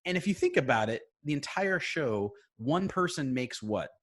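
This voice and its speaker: A middle-aged man co-hosting a podcast, chatting casually and joking, sometimes bursting into loud silly voices. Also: medium pitch, animated, moderate pace. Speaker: podcast co-host. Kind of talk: casual comedic chat.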